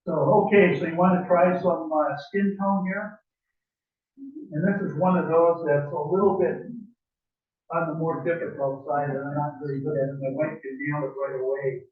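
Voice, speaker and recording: A man's voice: on the high side, level tone, moderate pace. An older man giving an informal demonstration to a woodworking club, rambling with many fillers and chuckles. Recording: echoey room, far from mic, phone-like.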